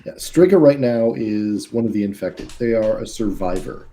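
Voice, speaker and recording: A man with a lowish, mellow voice runs a tabletop game from his home mic on a video call. He explains how the rules work in a loose, rambling way. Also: animated, moderate pace. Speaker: game master.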